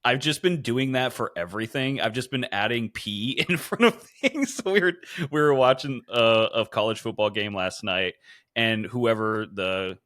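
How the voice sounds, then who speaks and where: A man's voice: mid-range voice, animated, moderate pace, a bit bright, no echo, clean studio sound. A young man co-hosting a comedy podcast, riffing playfully and laughing easily in casual chat. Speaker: podcast co-host.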